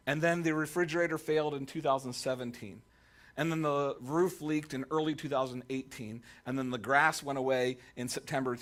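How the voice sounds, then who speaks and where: A male pastor preaching a sermon to a congregation, telling jokey stories and acting out the quotes. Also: a little high. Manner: animated, jokey storytelling with voiced quotes. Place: church sanctuary.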